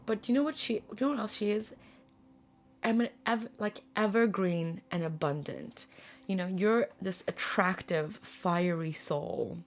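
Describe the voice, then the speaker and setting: A woman giving a spoken tarot reading to her viewers, earnest and emotional, often pausing to search for words. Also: on the low side. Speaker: tarot reader.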